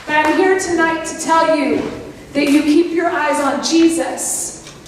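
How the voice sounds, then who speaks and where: High-voiced woman preaching in an echoey hall. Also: measured pace. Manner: animated, folksy storytelling with playful asides to the congregation. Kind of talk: sermon. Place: church sanctuary. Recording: echoey hall, voice from a distance with background noise.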